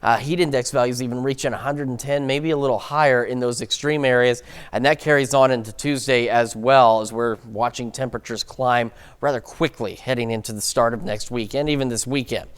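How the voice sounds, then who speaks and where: A man's voice: medium pitch, fairly even intonation, a little fast, few pauses, smooth. A man anchoring a local morning newscast and giving the weather forecast, chatty and upbeat, with the odd stumble.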